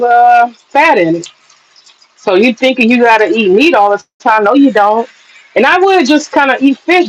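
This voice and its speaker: A woman's voice: a little high, rough recording. Woman cooking vlogger, casual and profane, tells long stories while cooking. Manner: chatty, profane storytelling. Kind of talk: casual cooking vlog chat.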